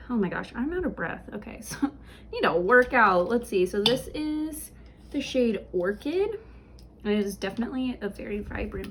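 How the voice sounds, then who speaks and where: A woman's voice: on the high side, slight background noise. A young woman from the United States in casual makeup tutorial chat, rambling and chatty with fillers, talking at home in her beauty room. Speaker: beauty vlogger.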